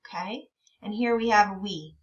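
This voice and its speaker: A woman teacher leading a reading lesson for young children, encouraging them and reading words out very slowly. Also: mid-range voice, distant mic. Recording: dull lo-fi sound from a bit away from the mic.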